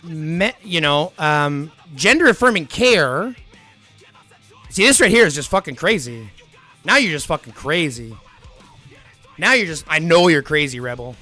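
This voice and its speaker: A man's voice: a little high, animated, measured pace, pauses often, sharp tone, soft background music. A man live-streaming who answers viewer comments in a blunt, profane, argumentative way.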